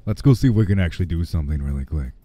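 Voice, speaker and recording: A deep-voiced man with a slightly hoarse, raspy edge chats and jokes with his stream audience. His dark, mellow tone swings widely in pitch as he rambles, with faint music underneath. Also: expressive, very fast, dry recording. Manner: rambling, joking, talks to chat. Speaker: livestreamer. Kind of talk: casual livestream chatter.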